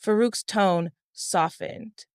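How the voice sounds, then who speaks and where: A woman narrates a first-person family drama with emotional, dramatic storytelling. Her voice sits at a middle pitch, and the recording is dry and close. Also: slow, smooth, dry recording.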